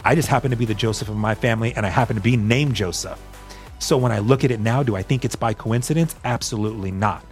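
Earnest male guest, lowish voice, candid storytelling with frequent restarts. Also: fast talker, soft background music. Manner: earnest, repeats words as he restarts. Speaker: guest sharing his testimony.

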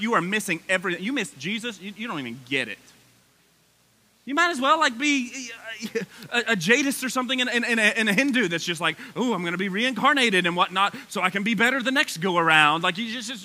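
A male pastor preaching a sermon with energy, his voice climbing high when excited, with casual asides to the congregation.

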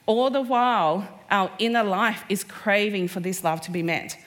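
A woman in her forties speaks to a live audience from a stage, in the manner of a personal storytelling talk. She is animated and acts out the voices of the people in her stories. Her voice sits at a middle pitch for a woman. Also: normal speed.

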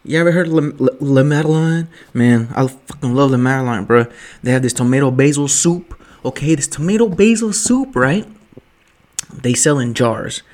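A man's voice: mid-range voice, normal speed, darkish tone. Profane, rambling young man with slang. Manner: rambling, profane, joking slang with 'yo' and 'bruh'. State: drinking at night. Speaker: vlogger. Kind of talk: casual late-night storytelling.

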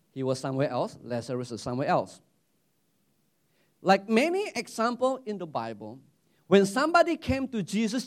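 Male pastor, high and very lively pitch, animated sermon delivery with repeats. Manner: animated preaching with repeated words and restarts.

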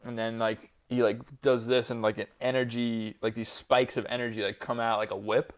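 A man's voice: medium pitch, little pitch movement, normal speed. A man co-hosting a casual podcast chat, rambling with lots of fillers, laughter and swearing. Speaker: podcast co-host.

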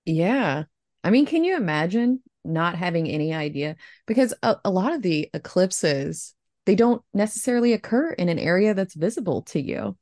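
A woman's voice: lowish voice, very animated, normal speed, a little mellow, no room sound, studio quality. A woman co-hosting a podcast, chatting casually, laughing easily and swearing now and then. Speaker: podcast co-host.

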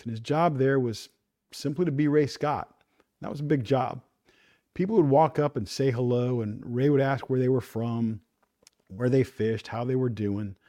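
Man telling a measured story. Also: medium pitch, mellow. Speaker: host of a fishing talk show. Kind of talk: scripted opening monologue.

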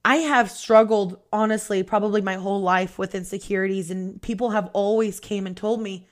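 A woman's voice: medium pitch, moderate pace, a bit bright. A woman hosting a podcast, giving a blunt, emphatic motivational monologue and swearing freely. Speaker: podcast host.

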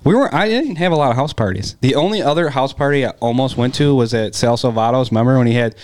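A man in his thirties chatting casually with friends, telling stories with animated quoting. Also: mid-range voice, fast talker. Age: 30s. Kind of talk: casual chat.

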